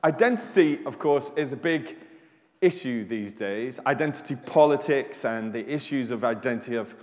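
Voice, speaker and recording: Male pastor, mid-pitched voice, animated sermon delivery, reverberant church recording. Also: normal speed. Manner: animated preacher, rising to loud emphasis on questions. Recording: live church recording with long hall reverb.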